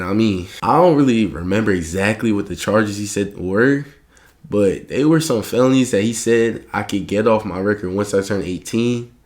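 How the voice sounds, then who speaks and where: A young adult man telling a casual storytime monologue in a profane, slangy, animated way. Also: on the low side.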